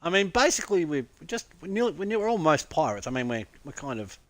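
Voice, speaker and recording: A man's voice: fairly high pitch, sing-song, fast talker, no echo. An Australian man chatting casually on a live stream, rambling, laughing often and swearing freely.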